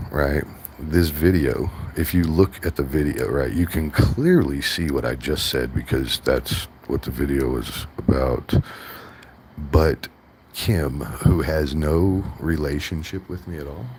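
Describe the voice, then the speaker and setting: A man's voice: rumbling low, slow, darkish tone, slight background noise. A man ranting on his vlog in a profane, rambling way, forever tagging lines with right. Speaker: vlogger.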